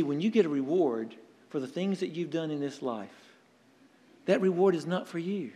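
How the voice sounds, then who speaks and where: Male pastor, high voice, earnest storytelling sermon, long hall reverb. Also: a little mellow. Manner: earnest preaching with storytelling and dramatic pauses.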